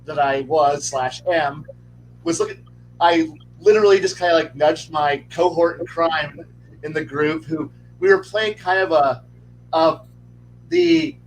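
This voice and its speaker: A man on a podcast telling a tabletop game story in a casual, profane, animated way. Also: unhurried, a little hiss or hum, poor audio. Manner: animated, profane, acts out quotes in pitch jumps. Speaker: podcast panelist.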